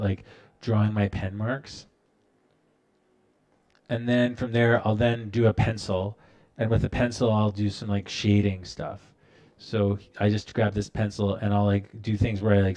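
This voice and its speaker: A man's voice: fairly low pitch, warm tone. A man hosting a casual live-stream art tutorial, talking loosely with many fillers and restarts while he works at his computer.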